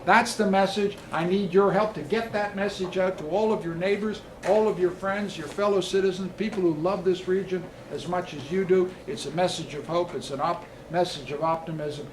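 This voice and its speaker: A man's voice: high-pitched, steady tone, moderate pace, hardly any pauses, noisy background. Emphatic man giving a campaign speech. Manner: rousing, emphatic lists building to loud peaks. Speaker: politician. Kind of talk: answering a question, explanatory.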